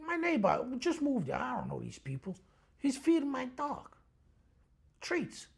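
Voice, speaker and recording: A middle-aged retired detective with a thick New York accent, his voice rough and gravelly. He tells stories bluntly and profanely, lively and street-tough, as an interview guest. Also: very high voice, a little slow. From the Bronx, New York. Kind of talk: storytelling interview talk.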